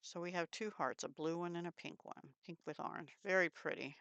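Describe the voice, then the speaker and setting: A woman's voice: on the low side, fairly quick, a bit bright, no echo, muffled recording. A woman hosting a craft channel, chatting casually and admiringly as she shows off paper craft supplies, with little laughs along the way.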